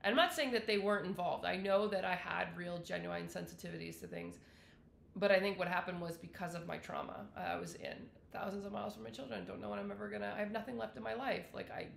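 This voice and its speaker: A woman talks candidly to the camera about her own story, circling back often and correcting herself as she goes. Her voice has a gravelly edge, and the room around her rings with a noticeable echo. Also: medium pitch, animated, fast talker, a little hiss or hum. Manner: rambling, frequent self-corrections and fillers. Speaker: wellness vlogger sharing her illness story. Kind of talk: candid personal monologue. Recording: roomy echo.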